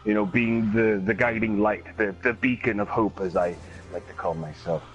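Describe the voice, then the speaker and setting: A man streaming a game, telling a long story in a casual, animated way, acting out other people's voices and swearing often. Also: on the low side, normal speed, dull audio, soft background music. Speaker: gaming streamer. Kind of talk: casual storytelling while gaming.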